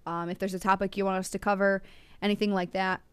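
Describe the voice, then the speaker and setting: A young woman co-hosts a casual show, gushing and bubbly, with many ums. Her voice sits at a middling pitch. The sound is dry and close. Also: little pitch movement, fast talker, smooth, no echo. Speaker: show host. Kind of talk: casual chat.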